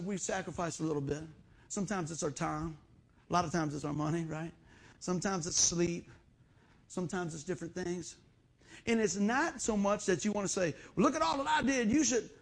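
Husky, gravelly pastor preaching. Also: male voice, high voice, a little fast. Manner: folksy storytelling, animated and conversational. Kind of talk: sermon.

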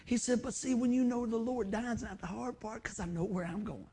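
A man's voice: very high-pitched, steady tone, fairly quick, warm tone, breathy edge. A middle-aged man preaching a sermon, repeating phrases and urging the congregation on. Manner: emotional, repetitive exhortation with call-and-response asides. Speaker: pastor.

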